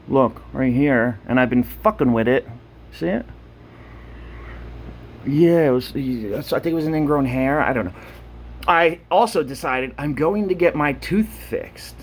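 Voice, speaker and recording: A man's voice: a little high, a little hiss or hum. A man vlogging in a blunt, profane rant, getting worked up as he talks. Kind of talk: casual rant to camera.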